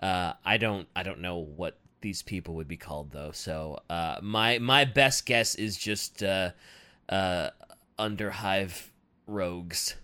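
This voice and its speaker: A man's voice: sits low, takes it slowly, bright, forceful tone, smooth. A man chatting casually as a co-host, playful and joking while he guesses aloud. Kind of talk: casual chat.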